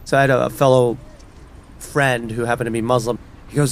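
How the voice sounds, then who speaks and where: A man from New York, telling a personal story in an animated way and acting out the voices of the people in it. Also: mid-range voice, brisk, a little hiss or hum. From New York City. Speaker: storyteller guest.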